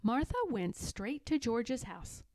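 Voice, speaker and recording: A woman reading a children's picture book aloud, expressive and giving voices to the dialogue, in a quiet small room. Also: on the high side, slow pace, no room sound. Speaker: read-aloud narrator.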